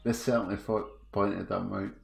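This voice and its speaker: Streaming a game, a middle-aged man from Scotland chats casually with his live viewers, telling a story full of laughter, swearing, and restarts. His voice sits on the low side with fairly even intonation, normal speed, and vocal fry. Faint music plays in the background.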